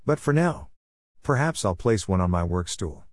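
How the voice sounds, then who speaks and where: A man's voice: lowish voice, sing-song, normal speed, no echo, clean studio sound. A man voicing a devout, earnest middle-aged stonemason in a storybook tale.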